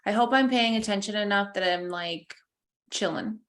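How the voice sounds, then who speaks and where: Podcast co-host: woman in her thirties, mid-pitched, sincere and rambling. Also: moderate pace, fairly bright tone. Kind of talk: casual chat.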